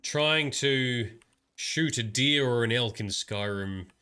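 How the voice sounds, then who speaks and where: A man's voice: medium pitch, takes it slowly, bright, forceful tone, smooth. A man giving casual live gameplay commentary as a streamer, chatting and reading lore text aloud.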